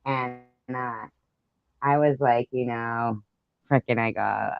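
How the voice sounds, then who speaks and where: A man's voice: medium pitch, fairly even intonation, takes it slowly, creaky, clean tone, no echo. Guy rambling thru a story on a stream, swears a bit, muffled lo-fi mic. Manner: rambling, swears, many fillers. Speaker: live stream host. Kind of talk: casual chat, storytelling.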